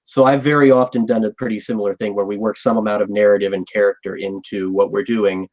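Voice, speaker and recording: A man's voice: fairly low pitch, flat delivery, quick pace, a little mellow, muffled recording. A man hosting a live podcast chat, talking casually and thoughtfully. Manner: thoughtful, rambling with fillers. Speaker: podcast host.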